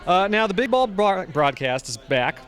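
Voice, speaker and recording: A man interviewing a guest at a convention, asking quick, upbeat fan questions. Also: high-pitched, very animated, a bit bright, faint music behind.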